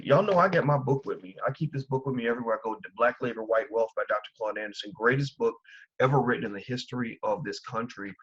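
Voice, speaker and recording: A man giving profane, heated live-streamed commentary that swings between calm asides and angry outbursts. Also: mid-range voice, slightly rough. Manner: animated, profane ranting. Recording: muffled lo-fi stream audio.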